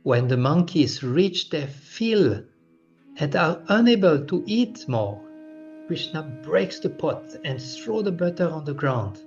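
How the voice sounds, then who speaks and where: A man's voice: a little high, big pitch swings, slow pace, darkish tone, heavily acted. A man reading as complaining village women. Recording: dull lo-fi recording with faint music.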